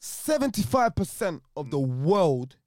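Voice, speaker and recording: A man's voice: on the high side, a little slow, dry recording. A young man, arguing his point in a casual chat, full of slang and interruptions. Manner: animated, argumentative, slang-heavy.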